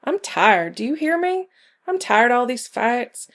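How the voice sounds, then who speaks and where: A woman's voice: fairly high pitch, big pitch swings, measured pace, pitched above the performer's own voice. A woman voicing an older rural witch, blunt, folksy and dryly grumbling, tired of endless fights. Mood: weary. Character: weary, sharp-tongued old rural woman witch.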